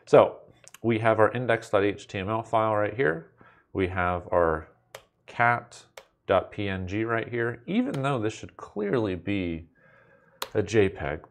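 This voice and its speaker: A man teaching a recorded coding lesson at his computer, in a playful, wry way with jokey asides to the viewer. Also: on the low side. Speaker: instructor.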